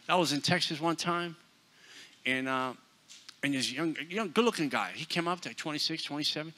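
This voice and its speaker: A man preaching a sermon in a church, blunt and forceful, dropping to hushed asides and then booming out. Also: normal speed. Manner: forceful, blunt, swings between loud and hushed. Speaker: guest preacher.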